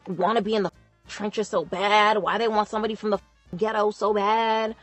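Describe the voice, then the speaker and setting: A woman's voice: medium pitch, fairly even intonation, normal speed, dry recording, faint music behind. A young woman ranting casually about someone online, talking in an emphatic, chatty way and stretching out words for stress. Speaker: commentator. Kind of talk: casual opinion rant.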